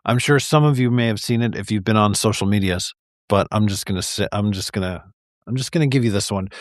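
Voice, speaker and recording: Low-voiced guy chatting and reading a picture book, dry sound, lots of ums. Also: brisk, dry recording. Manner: rambling, chatty, many fillers, chuckles. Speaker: livestream host reading stories. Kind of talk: casual read-aloud storytelling.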